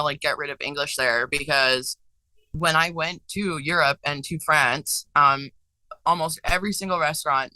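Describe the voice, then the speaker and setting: Podcast host, very bright and slightly high voice, chatty and agreeable. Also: male voice, no room sound, rough recording. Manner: chatty, agreeable, frequent yeahs. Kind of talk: casual chat.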